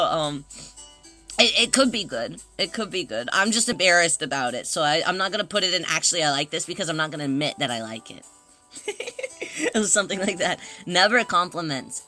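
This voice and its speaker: A man chatting casually on a livestream, rambling and self-conscious, greeting viewers as they arrive. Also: high voice. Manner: greets chat members warmly.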